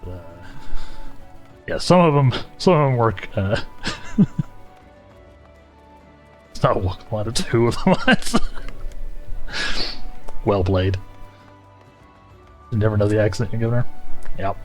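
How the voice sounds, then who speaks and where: A man with a Southern US accent and a lowish voice, talking loosely on a gaming stream. He rambles, restarts sentences and chuckles at himself. Faint game music sits underneath. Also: slow, pauses often. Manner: rambling, self-correcting, chuckling. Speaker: livestreamer. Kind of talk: casual gaming livestream chat.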